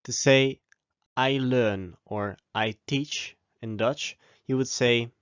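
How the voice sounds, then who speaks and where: A man teaching a scripted language lesson, giving phrases slowly and with pauses so learners can repeat after him. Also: medium pitch, steady tone, a bit bright, clean tone, no room sound, muffled recording. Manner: slow, deliberate model pronunciation with pauses for repeating.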